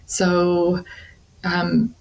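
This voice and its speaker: A woman from the Southern United States, a guest on a podcast, explaining her ideas in an earnest, conversational way with filler pauses. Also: on the low side, monotone, creaky, low-quality recording. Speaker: guest speaker on church partnerships. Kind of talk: casual conversational interview.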